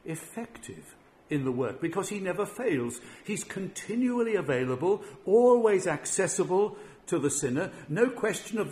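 A man delivers a sermon in a fairly high voice. He speaks earnestly, often repeating a word before pressing on with his point. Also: very animated, moderate pace, mellow. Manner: earnest, repeats words while building a point. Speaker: preacher.

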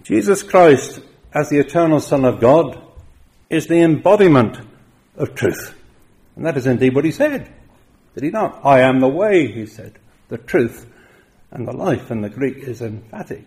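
A man's voice: medium pitch, expressive, a little slow, long pauses. Emphatic preacher man. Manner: emphatic, rising to loud stresses then dropping quiet. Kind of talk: sermon.

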